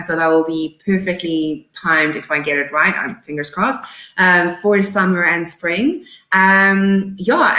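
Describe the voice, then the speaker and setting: A woman's voice: low voice, pushed and bright, roomy sound, poor audio. A woman winemaker talking casually about her upcoming wines as a guest, chatty and full of ums. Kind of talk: casual interview talk.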